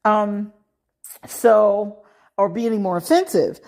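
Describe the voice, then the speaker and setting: Middle-aged american woman, podcast host, emphatic, keeps saying okay, mid pitch. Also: slow pace, a little mellow. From United States. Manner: emphatic, frequent "okay" asides. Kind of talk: casual advice monologue.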